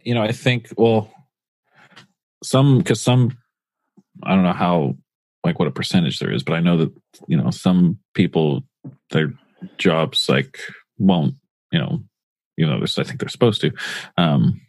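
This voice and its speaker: A man's voice: low-pitched, expressive, a little slow, pauses often, darkish tone, no room sound. A man co-hosting a podcast, talking casually and rambling with lots of fillers and restarts. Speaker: podcast co-host.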